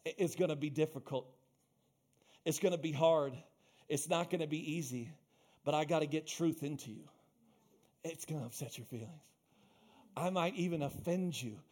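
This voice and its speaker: A man's voice: fairly high pitch, normal speed, a little mellow. A man preaching a sermon as pastor, speaking emphatically, repeating his phrases and calling out to the congregation.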